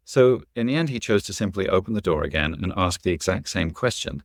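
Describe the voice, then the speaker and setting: A middle-aged man, an actor and educator, telling an animated story as a podcast guest and acting out the people in it. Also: low-pitched, fast talker, gravelly, few pauses, dry recording, studio quality. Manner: animated, acts out quoted voices.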